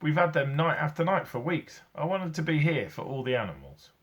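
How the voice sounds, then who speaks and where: A man voicing a kindly but gruff old zookeeper in a read-aloud story, scolding yet fond. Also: fairly high pitch, very animated, fairly quick, voice pushed up.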